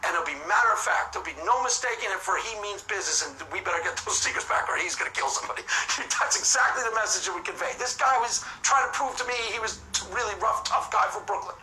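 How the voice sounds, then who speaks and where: Casting: rapid-fire male vlogger, emphatic and repetitive, echoey room with faint music. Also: sits high, bright, forceful tone, a little hiss or hum. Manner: emphatic, repetitive, keeps swearing to God. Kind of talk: casual rambling monologue.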